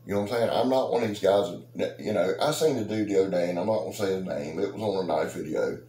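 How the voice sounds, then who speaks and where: A man's voice: low voice, fast, warm tone. A middle-aged man, hosting a knife channel and chatting casually to his subscribers in a rambling, joking, boastful way. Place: outdoors. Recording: roomy echo with faint noise.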